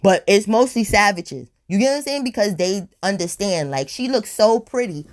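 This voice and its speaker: A woman of average pitch tells a storytime for her vlog, blunt and profane, with animated delivery. She sounds a little high and tipsy as she talks. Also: normal speed. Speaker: storytime vlogger. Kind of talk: casual storytime monologue.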